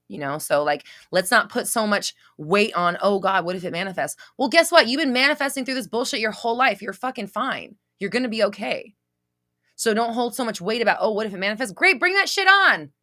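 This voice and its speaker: A woman's voice: mid-range voice, pushed and bright. A woman hosting a casual live question-and-answer stream, reading viewer comments aloud and answering in a blunt, profane way.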